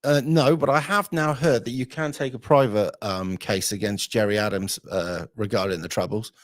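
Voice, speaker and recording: Male streamer, rambling and sweary, slightly low voice, dry close mic. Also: steady tone, moderate pace, dry recording. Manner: blunt, sweary, rambling with fillers. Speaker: livestream host. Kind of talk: casual livestream chat.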